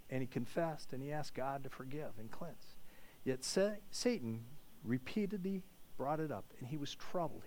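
A man preaching a sermon in an earnest way, often repeating words as he searches for them. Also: sits high.

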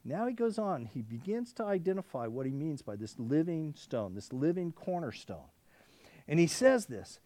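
A male pastor delivers a conversational sermon with a fairly high voice that swoops up and down. He keeps restarting his sentences and tossing in "okay?" to his listeners. The sound is close and dry. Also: very animated, moderate pace, dark tone, no room sound.

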